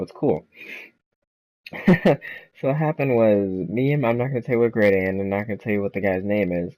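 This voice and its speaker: This young man, host of a gaming channel, has a fairly low, warm voice, recorded roughly with no echo. He tells a laid-back storytime at a quick clip, loose and informal. Swearing is frequent, as are "right?" and "like."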